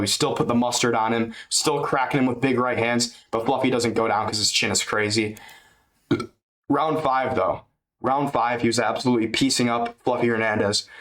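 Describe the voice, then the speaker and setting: A man giving a loose, chatty fight recap on his channel, swearing and dropping man and dude, speaking into a webcam. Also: mid-range voice. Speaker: MMA YouTuber.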